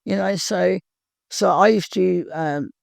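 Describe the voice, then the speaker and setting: A woman's voice: lowish voice, slow, creaky, darkish tone, no echo, studio quality. A woman earnestly telling her own recovery story in a plain-spoken way. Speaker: guest sharing recovery story. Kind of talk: personal storytelling.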